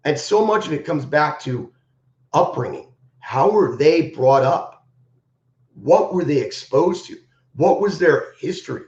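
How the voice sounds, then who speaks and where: A man's voice: a little high, expressive, unhurried, darkish tone. Man martial arts instructor on a live stream, impassioned and emphatic, roomy dull audio. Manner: impassioned and emphatic, repeating key phrases.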